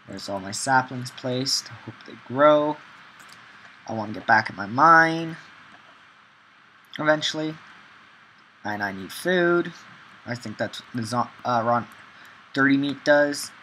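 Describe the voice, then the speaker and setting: A man's voice: mid-range voice, bright, forceful tone, a little hiss or hum, rough recording. A man giving rambling gameplay commentary, talking to himself with many ums and chanting single words over and over. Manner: talks to himself, frequent ums. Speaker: gameplay video maker.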